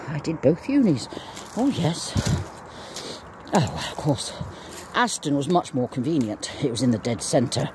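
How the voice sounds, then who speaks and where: A man's voice: mid-range voice, warm tone, slight background noise. Rambling older man on a dog walk. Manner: chatty, meandering, breaks off to talk to his dog. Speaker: vlogger walking his dog. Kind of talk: rambling casual monologue. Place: outdoors in fields on a walk.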